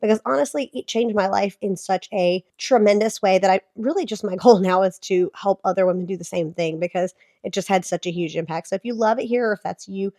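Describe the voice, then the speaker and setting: A woman's voice: mid-range voice, a little fast, few pauses, dark tone, dry recording, clean studio sound. A woman in her thirties, talking with a sick voice, gives chatty reaction commentary on fitness advice as a vlogger. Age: 30s. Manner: chatty, explanatory, filler-heavy.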